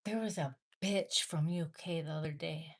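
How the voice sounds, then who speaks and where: A woman's voice: low voice, normal speed, slightly rough. A woman from the Midwest hosting a casual livestream, reading viewer comments aloud and talking back bluntly, with swearing. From American Midwest. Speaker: livestream host.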